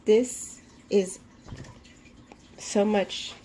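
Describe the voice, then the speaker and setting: A woman filming a casual unboxing vlog in her room at home, gushing with breathy, drawn-out exclamations. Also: medium pitch, steady tone, warm tone, a little hiss or hum, poor audio. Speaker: vlogger.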